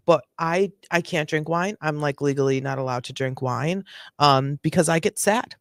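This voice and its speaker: A woman's voice: sits low, slow pace, dry recording, studio quality. A woman hosting a chatty, joking reaction commentary, laughing often. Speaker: host.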